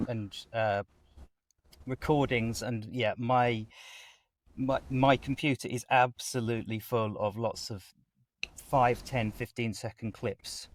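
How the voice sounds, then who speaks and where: A man speaking as a guest voice actor in a conversational interview, chatty and animated as he explains his work at length. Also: medium pitch, slight background noise.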